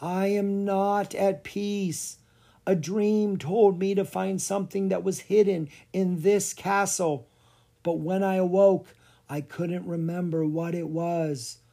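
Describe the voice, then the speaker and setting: A storybook reader voicing a mournful, restless female ghost with a wailing, drawn-out delivery. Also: medium pitch, fairly even intonation, creaky, dark tone, voice pushed up.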